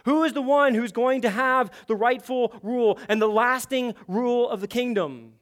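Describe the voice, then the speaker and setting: A man preaching an expository sermon, emphatic and building to forceful peaks. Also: extremely high pitch, moderate pace. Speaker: pastor.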